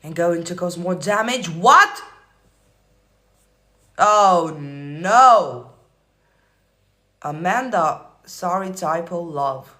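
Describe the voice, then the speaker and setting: A man coaching manifestation on a live stream, answering viewer comments in a profane, emphatic, often yelling way. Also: high-pitched, lively intonation, slow, long pauses. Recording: roomy echo.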